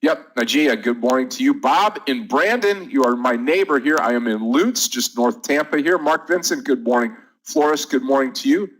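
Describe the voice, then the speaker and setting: A man's voice: mid-range voice, animated, moderate pace, few pauses, fairly bright tone, rough recording. A man hosting a live day-trading room, running through market numbers and greeting viewers by name in an upbeat, chatty way.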